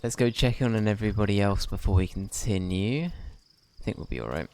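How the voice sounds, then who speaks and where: Relaxed low-voiced streamer guy. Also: a little fast. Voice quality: relaxed, chatty, laughs often. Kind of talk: casual gameplay commentary.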